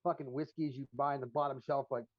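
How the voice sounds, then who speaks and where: A man's voice: medium pitch, steady tone, fast, no room sound. A man co-hosting a podcast, telling long, profane, rambling stories full of fillers in casual chat. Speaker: podcast co-host. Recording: dull lo-fi stream audio.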